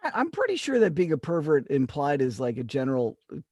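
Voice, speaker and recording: A man co-hosting a comedy podcast from a video call, talking in a halting way with many restarts. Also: on the high side, huge pitch swings, darkish tone, dry recording, studio quality. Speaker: podcast co-host. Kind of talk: crude comedy banter.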